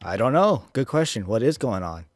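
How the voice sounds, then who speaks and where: A man's voice: mid-range voice, big pitch swings, normal speed. Joking, swearing man playing a game. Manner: joking, swearing, reacts loudly to scares. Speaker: gameplay commentator. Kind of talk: casual let's-play commentary.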